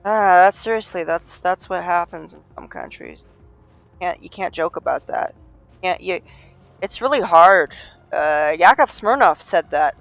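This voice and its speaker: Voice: medium pitch, animated, measured pace, creaky, a bit bright, dry recording, dull audio, soft background music. A game streamer giving casual, rambling live commentary with lots of fillers and restarts. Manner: rambling, chatty, many fillers and restarts, laughs at own jokes.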